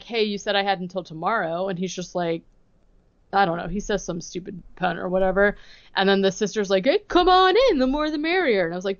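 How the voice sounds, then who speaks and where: A woman on a podcast chats her way through a movie recap, peppering every sentence with "like" and acting out the characters' lines. Her voice sits at an average pitch. The recording is dry and a little muffled. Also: no echo. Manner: chatty, heavy use of "like", quotes characters and her own reactions. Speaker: podcast co-host. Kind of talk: casual chat recapping a movie.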